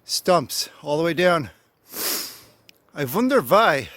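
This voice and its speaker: A hiking vlogger talks to himself while walking a wooded trail alone, breathless and rambling, tossing in wry, chatty asides. His voice is a little high and fairly bright, slow and sing-song, with no room sound.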